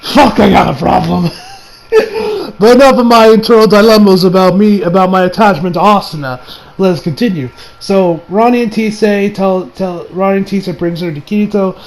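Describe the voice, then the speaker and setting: Man, high-pitched, excitable, rambling, slangy casual review, faint background hiss. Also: normal speed, vocal fry, poor audio. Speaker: anime reviewer.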